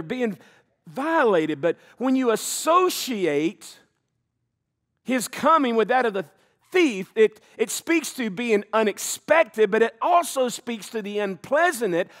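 A middle-aged man preaching a sermon, slowing down to stress key points and now and then laughing. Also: high voice. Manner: animated preaching, slows for emphasis, occasional laughs. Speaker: pastor.

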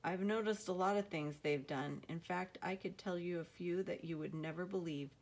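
A woman's voice: lowish voice, moderate pace. A woman voicing a plain-spoken farmer father with dry humor in an audiobook reading.

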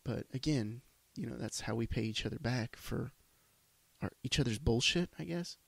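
A man's voice: mid-range voice, normal speed, creaky, husky, no room sound. A man hosting a solo podcast, congested from a sinus issue, rambling in a profane, self-deprecating way. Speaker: podcast host. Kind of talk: solo casual monologue. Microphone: podcast microphone.

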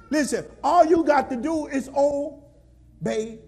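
A man preaching a sermon as pastor, scolding and repeating himself to the congregation, sometimes shouting. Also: very high-pitched, unhurried.

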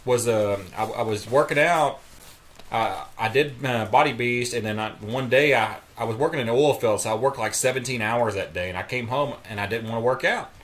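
Rambling man with a middle-pitched voice. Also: a little fast, a bit bright. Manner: rambling, many restarts. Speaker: guest. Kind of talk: casual chat.

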